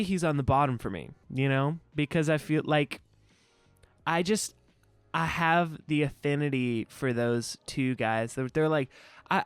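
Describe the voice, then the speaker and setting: A man co-hosting a podcast in casual chat, animated, laughing often and acting out quotes. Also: fairly high pitch, smooth, no echo. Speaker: podcast co-host.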